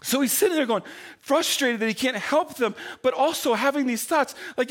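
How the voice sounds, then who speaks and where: Telling a story in his sermon, a male pastor with a very high-pitched voice swings from loud outbursts to quiet, slower passages.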